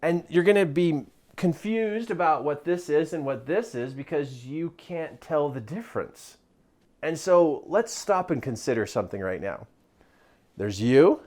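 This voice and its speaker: A man giving a motivational talk as a self-help mentor, drawing as he speaks, animated and laughing often. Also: a little high.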